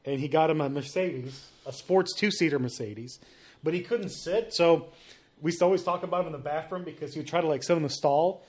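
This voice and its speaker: A man's voice: on the high side, a little fast, darkish tone, husky. Laughing, rambling storyteller man. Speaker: guest. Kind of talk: casual podcast chat.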